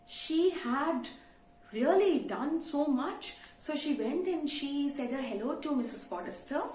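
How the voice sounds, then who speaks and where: A woman's voice: high voice, lively intonation, unhurried, a little mellow. A woman teacher retelling a story to students in a conversational way, with many "you know" fillers. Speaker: English teacher. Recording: roomy with faint ambience.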